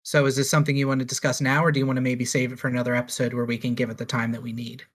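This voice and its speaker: Matter-of-fact man in mid pitch. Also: little pitch movement, very fast, a bit bright. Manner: matter-of-fact, reads out news items. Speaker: podcast co-host. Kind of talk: casual chat.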